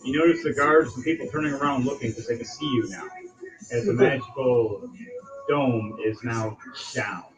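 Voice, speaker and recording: A man's voice: mid-range voice, moderate pace, rough recording. A man acting as game master, describing scenes step by step and calling on players in turn. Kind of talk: narrating a tabletop game. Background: music.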